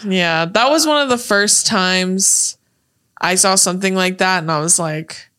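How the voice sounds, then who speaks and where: Bright-voiced young woman podcaster. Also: fairly low pitch, a little slow, smooth. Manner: laughing, quoting movie lines, swearing. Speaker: podcast co-host. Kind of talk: casual chat.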